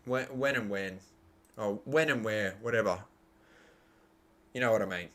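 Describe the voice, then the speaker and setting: Rambling Australian man, low voice. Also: unhurried, fairly bright tone. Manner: rambling, argues with chat, crude. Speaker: live stream host. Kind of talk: live cricket reaction stream.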